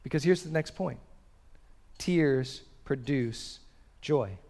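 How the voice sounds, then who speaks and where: A pastor preaching a sermon, swinging from loud urgent bursts to quiet, slow drops. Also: male voice, medium pitch. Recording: long reverb of a large hall.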